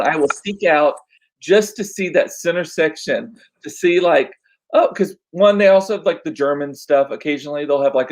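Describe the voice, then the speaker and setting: A man hosting a casual chat, rambling with lots of fillers, a bit hoarse as he loses his voice. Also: on the high side, low-quality recording. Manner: chatty, rambling with frequent fillers. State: losing his voice, coughing. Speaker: podcast host.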